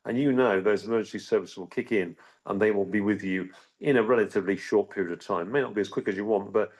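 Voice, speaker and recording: A middle-aged man telling a personal story in an interview, halting, with frequent restarts and repeated words. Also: fairly low pitch, darkish tone. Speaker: interview guest.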